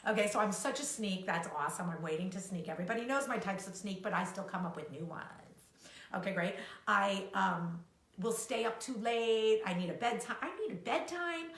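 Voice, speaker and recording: A woman coach talking casually on a live stream, animated and laughing as she acts out her own inner voice. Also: medium pitch, a little fast, echoey room. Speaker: co-founder and life coach.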